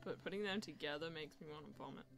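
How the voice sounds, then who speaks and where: A woman's voice: low-pitched, quick pace, a bit bright. A woman chatting casually over a game, dry and sarcastic with frequent swearing, her throat sore and scratchy. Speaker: let's play co-host. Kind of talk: casual gameplay chat.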